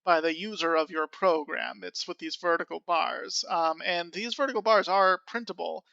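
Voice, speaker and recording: Gravelly bright-voiced man teaching code. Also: sits high, fairly even intonation, normal speed, dry recording, muffled recording. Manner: casual and self-amused, many fillers. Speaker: programming tutor. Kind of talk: screen-recorded coding tutorial.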